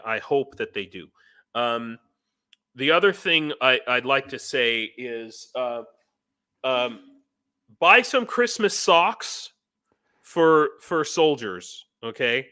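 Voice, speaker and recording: A man's voice: medium pitch, sharp tone. An American man, a volunteer in Ukraine, talking loosely in a casual live-stream chat and chuckling between points. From United States. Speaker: guest, foreign volunteer in Ukraine.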